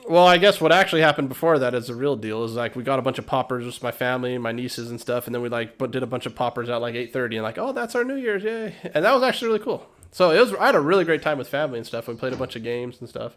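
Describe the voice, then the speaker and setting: A man co-hosting a relaxed podcast, talking fast in an easygoing, rambling way. He pads his sentences with "like", and his pitch sits in the middle range. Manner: rambling, laid-back, full of "like". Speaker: podcast co-host. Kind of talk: casual chat.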